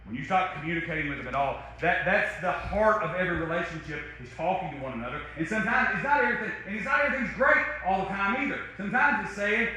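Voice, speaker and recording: A man preaching a sermon as pastor, talking conversationally with big swings from loud to soft. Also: expressive, fast talker, few pauses, very echoey. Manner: conversational preaching with wide swings in loudness and pitch. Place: church sanctuary.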